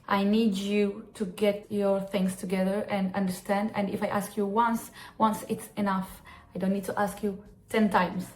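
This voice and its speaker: A woman's voice: mid-range voice, a little mellow. Arabic-accented woman chatting while doing makeup. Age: 30s. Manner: candid, reflective, talks while doing her makeup. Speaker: beauty vlogger and mother. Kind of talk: get-ready-with-me chat. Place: room at home, in front of a mirror. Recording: echoey room.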